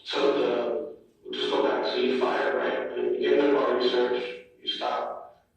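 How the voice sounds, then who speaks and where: A man detective methodically walks a suspect back through events, his pitch moving up and down a lot. The audio is dull and distant, with heavy echo and a long tail. Faint music sits underneath. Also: big pitch swings, unhurried, creaky. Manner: methodical step-by-step questioning. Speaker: police detective. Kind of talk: police interrogation. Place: police interview room.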